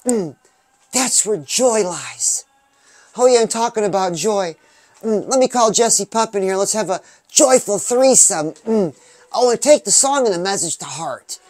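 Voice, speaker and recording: A man giving an upbeat, preachy pep talk about dreams and goals, often breaking into drawn-out "oh yeah"s while presenting a music video. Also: sits high, animated, a little mellow, no room sound. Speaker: music video reactor and motivational vlogger. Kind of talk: motivational talk.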